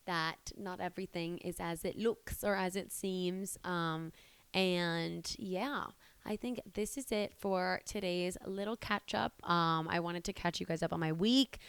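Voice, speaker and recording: A woman's voice: lowish voice, clean tone, dry recording. A woman in her twenties chatting casually to camera in a rambling, conversational way. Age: 20s. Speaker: vlogger and stand-up comedian.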